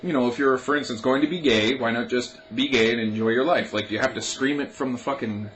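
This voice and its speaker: A man's voice: medium pitch, steady tone, brisk, a bit bright, a little hiss or hum, rough recording. A young man ranting on his own video blog in a casual, profane, sarcastic way, mocking things with jokey asides. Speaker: vlogger.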